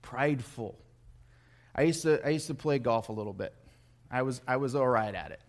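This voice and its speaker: A man's voice: medium pitch, normal speed. A man preaching a sermon in a conversational way, telling personal stories with joking asides and stumbling restarts. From United States. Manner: conversational, joking asides, repeats words when starting.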